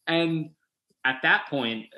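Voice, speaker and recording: A young comedian guest with a New York accent tells funny stories in casual chat, animatedly acting out the voices of the people in them. His voice is a little high and slow, and the audio is dull.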